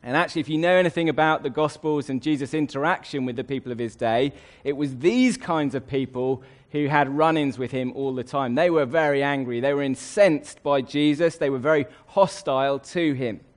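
A man preaching a sermon, emphatic, slowing down to stress key words. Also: medium pitch.

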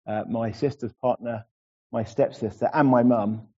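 Middle-aged man, sermon, earnest, lingers over phrases, mellow tone. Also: medium pitch, steady tone, breathy edge, highs cut off. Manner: earnest, slows to savor phrases. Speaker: preacher.

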